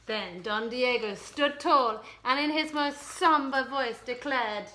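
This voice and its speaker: A woman reading a children's picture book aloud in a playful, expressive way. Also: high-pitched. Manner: playful, slow expressive reading, sometimes breaking to scold a puppy. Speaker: storyteller.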